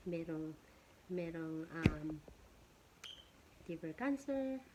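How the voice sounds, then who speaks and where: A woman's voice: low voice, animated, slow pace, heavy background noise. A woman, hosting an informal health explainer and mixing reading with loose explanation. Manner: switches between English and Tagalog, reading points then explaining loosely. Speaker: health talk host.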